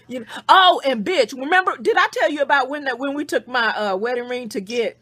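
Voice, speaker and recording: A woman podcast host vents casually over the phone, telling a story in a profane rant and acting out what other people said. Her voice is high-pitched, pushed and bright, at normal speed, in a dry recording.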